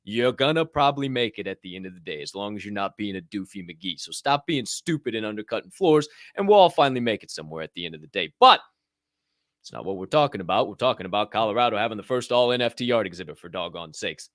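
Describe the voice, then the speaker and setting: A man hosting a podcast, running through news in an animated, joking way, swearing and ranting as he goes. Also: lowish voice, quick pace, dry recording, clean studio sound. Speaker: podcast host. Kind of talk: energetic news rundown.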